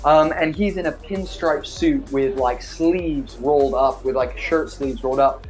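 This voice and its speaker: A man's voice: on the high side, measured pace, soft background music. A man running a tabletop game as game master, describing scenes with many fillers. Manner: rambling, filler-heavy description.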